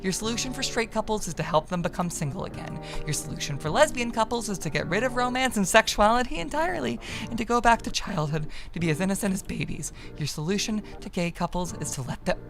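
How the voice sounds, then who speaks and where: A woman's voice: medium pitch, lively intonation, fast, hardly any pauses, music in the background, lightly acted. A woman voicing a bitter, wounded older woman who accuses in a cutting, dramatic way while reading a visual novel aloud. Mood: accusing.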